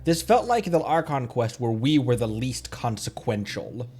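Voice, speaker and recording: A man's voice: mid-range voice, sing-song, normal speed, darkish tone, slightly rough. A man streaming a video game, joking and rambling in casual commentary, often correcting himself. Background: game music.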